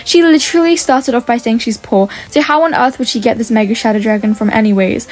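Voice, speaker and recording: A woman's voice: fairly high pitch, fast talker, darkish tone. A woman hosting a gaming channel, giving chatty gameplay commentary and reading out other players' chat messages as she goes.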